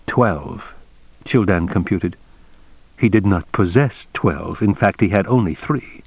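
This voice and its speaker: Guy reading an audiobook, kinda low voice, steady and measured, totally dry recording. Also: dry recording, low-quality recording. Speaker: audiobook narrator. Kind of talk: scripted narration.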